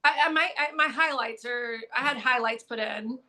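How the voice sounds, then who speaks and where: A woman with a Southern accent chats as a podcast guest over a video call. Her voice sits a little high and sounds bright. She laughs easily and fills her stories with "like". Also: normal speed. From Tallahassee, Florida. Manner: chatty and giggly, lots of "like". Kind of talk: casual video-call chat.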